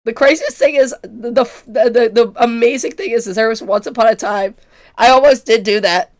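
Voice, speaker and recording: A woman's voice: fairly high pitch, brisk. Giggly young woman streamer. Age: 20s. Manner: giggly, self-mocking, rambling. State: voice strained from illness. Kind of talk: casual chat with chat.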